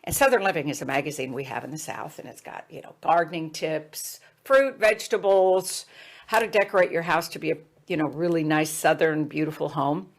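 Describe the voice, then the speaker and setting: A woman telling a candid personal story in a chatty, animated way, full of fillers and restarts, frank and self-deprecating about herself. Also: low voice, brisk. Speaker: speaker sharing a personal story.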